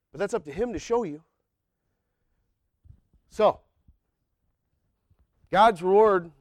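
A man delivers a sermon to a church congregation, talking to them plainly and colloquially. His voice sits high for a man and the recording is dry and close. When he acts out a prayer, he climbs up toward a near-shout. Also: dry recording. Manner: colloquial, says y'all and man. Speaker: preacher. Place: church sanctuary.

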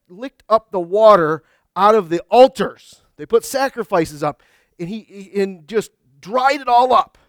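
A man's voice: high-pitched, dry recording, clean studio sound. A man preaching a sermon as pastor, earnest and emphatic, with frequent restarts. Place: church sanctuary.

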